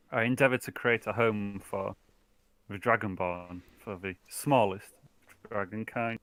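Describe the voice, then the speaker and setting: Earnest dragonborn envoy played by a man, bright tone, measured formal delivery. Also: on the low side, fairly even intonation, no room sound. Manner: slow, formal petitioning speech.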